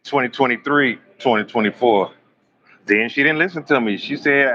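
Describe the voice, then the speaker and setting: A man's voice: mid-range voice, normal speed, bright, forceful tone, highs cut off. A man, preaching bluntly and swearing on a live stream, acting out both sides of arguments. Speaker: live-stream host and self-styled prophet.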